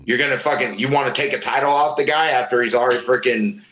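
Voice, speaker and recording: A medium-pitched man talks at a quick pace, with roomy sound and poor audio quality. As a guest in a casual interview, this middle-aged former pro wrestler from Florida tells profane stories in an animated style, acting out others' remarks.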